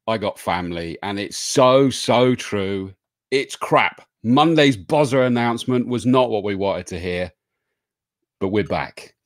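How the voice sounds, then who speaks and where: A man's voice: mid-range voice, no room sound, clean studio sound. A man hosting a casual live stream, joking with his co-host and reading out viewers' names and greetings.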